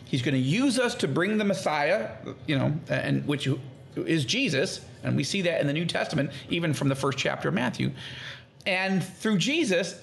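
Lively, gravelly-voiced man explaining scripture. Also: high-pitched. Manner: animated, acts out quoted speech in lively tones. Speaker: podcast guest. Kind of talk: conversational teaching on the Bible.

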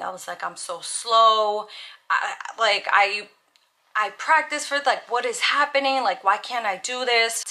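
A woman's voice: medium pitch, bright, forceful tone. A young woman vlogger talking casually and earnestly to camera, peppering her speech with "like". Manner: chatty, earnest, lots of "like". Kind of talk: casual vlog monologue.

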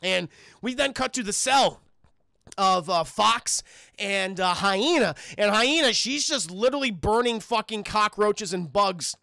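A young male streamer recaps a cartoon for his live chat in an excitable, profane rush. His voice sits high with a heavy gravelly fry and a bright edge. The sound is dry and close. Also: a little slow, no echo. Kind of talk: casual commentary to chat.

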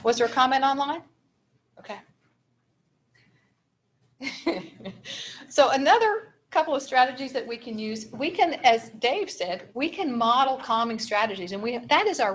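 A woman with a fairly high voice presents a seminar on guiding young children's behavior. She explains each strategy patiently, giving examples for practice. A faint room hum sits underneath. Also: animated, normal speed. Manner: explanatory, encouraging, talks through examples. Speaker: early childhood trainer.

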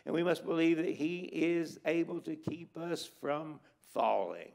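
Gravelly, exhorting man preaching. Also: a little high, expressive, a little slow, a little mellow. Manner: exhorting, repeats words for emphasis. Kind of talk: emphatic revival sermon. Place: church sanctuary at a conference.

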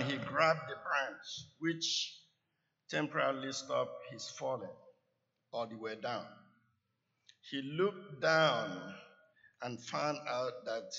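A male church elder tells a sermon story, very slow and deliberate, with a bright, clear tone. The sound is dull and lo-fi. A long reverb from the church sanctuary hangs after every phrase. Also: mid-range voice. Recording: echoey church hall, dull lo-fi.

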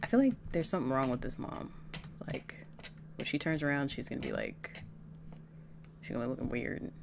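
A woman's voice: extremely low pitch, lively intonation, moderate pace, vocal fry, long pauses, over music. A young woman casually talking through a game as its host, chatty and reactive. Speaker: gaming channel host. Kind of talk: casual gameplay commentary.

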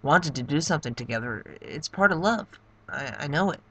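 A puzzled young princess questions everything in a bemused, bright voice, read by a man. The tone stays close to his own, nudged slightly higher. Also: lively intonation, brisk, heavily acted. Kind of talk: voicing game dialogue in a playthrough.

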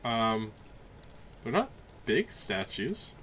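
A young man casually commentating a video game, chatty and jokey, with loud excited outbursts. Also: lowish voice, moderate pace, slight background noise. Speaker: let's play host. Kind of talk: gameplay commentary.

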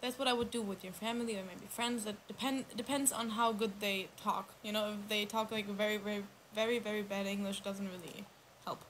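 In casual English chat as a livestream co-host, a young woman rambles hesitantly, restarting sentences and filling gaps with ums and small stumbles as she thinks aloud. Her medium-pitched voice stays steady, a little fast with hardly any pauses, over a rough recording with faint hiss.

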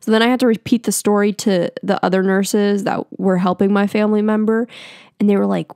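Young woman podcast host, gravelly fry, dry close sound, chatty storyteller who swears. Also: medium pitch, steady tone, fairly quick, darkish tone, dry recording. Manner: chatty, swears, many fillers and restarts. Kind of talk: casual storytelling.

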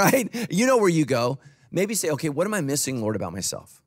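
Pastor guy preaching, middle-aged, voice swings all over, kinda high, jokey. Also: sing-song, fairly quick. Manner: conversational, joking, acts out quoted voices. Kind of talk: sermon. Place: church auditorium.

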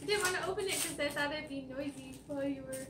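A young woman vlogging from home, soft-spoken and giggly. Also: sits high, fast, noisy background. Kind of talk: casual chat. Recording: distant echoey mic with music.

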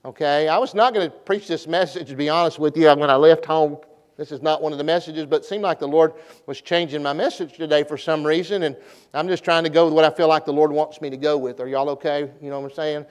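The voice belongs to a middle-aged man, a little high and steady in tone, moving at a quick pace as he preaches. He's a pastor giving a revival sermon in a church sanctuary, folksy and repetitive, leading call-and-response with the congregation.

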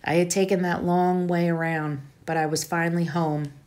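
Female teacher, lower register, reading a novel aloud to students in a plain, even delivery. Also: normal speed.

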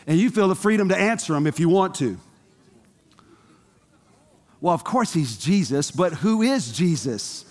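A man's voice: a little high, expressive, moderate pace. Man preaching in a reverberant hall. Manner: conversational preaching, asks the congregation questions. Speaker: pastor. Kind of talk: sermon.

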